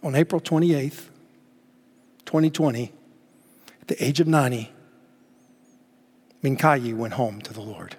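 A man preaching a sermon emphatically, swinging between loud exclamations and hushed words. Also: medium pitch, a little slow, pauses often, husky. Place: church sanctuary. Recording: long reverb of a church hall.

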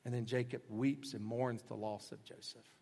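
A man's voice: level tone, normal speed, gravelly. Man preaching in an echoing hall. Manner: conversational, shifts between loud emphasis and soft low asides. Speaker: pastor. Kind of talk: sermon. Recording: long reverb of a large hall.

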